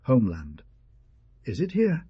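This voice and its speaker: A man's voice: medium pitch, very animated, normal speed, breathy edge, no echo, pitched above the performer's own voice. A man voicing an anxious, curious six-year-old boy who keeps asking questions in a childlike way that borders on tears. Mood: eager questioning. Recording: dull, dry lo-fi recording.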